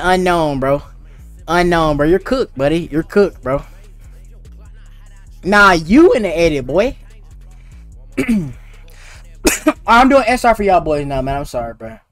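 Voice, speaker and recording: A young man streaming a game, chatting fast and slangy with his viewers and teasing players. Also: high-pitched, no room sound. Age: young adult. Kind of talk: casual gaming livestream chat.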